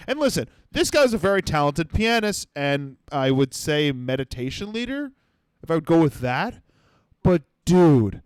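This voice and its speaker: A man's voice: a little high, no echo. A young adult man hosting a comedy podcast, ranting sarcastically with lots of swearing and mocking impressions. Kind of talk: comedic rant.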